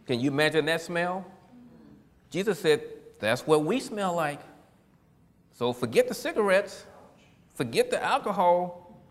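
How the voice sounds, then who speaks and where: A man delivers a down-to-earth sermon in an easygoing, folksy manner, chuckling at his own lines. His voice swings widely in pitch as he gets animated. The sound carries a long reverb, like a church hall. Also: unhurried, pauses often. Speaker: preacher. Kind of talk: casual sermon.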